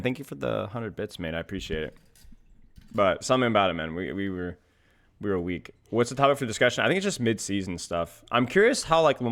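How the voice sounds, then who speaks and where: A man streaming and coaching a game, chatting casually with his viewers in a loose, rambling way and often breaking into laughter. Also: on the low side. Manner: giggly, keeps breaking into laughter. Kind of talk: casual live-stream chat.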